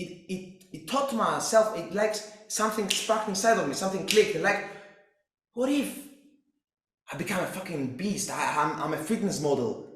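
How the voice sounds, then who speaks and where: A young man from Cyprus, telling his personal story as a fitness coach in an intense, profane way. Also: a little high. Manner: intense, profane, restless delivery with restarts. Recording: very echoey room.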